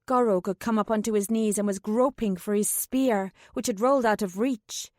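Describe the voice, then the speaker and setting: A woman's voice: fairly high pitch, no room sound, studio quality. Woman narrating an urgent fantasy audiobook. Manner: urgent, tense storytelling. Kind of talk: first-person dramatic audiobook narration.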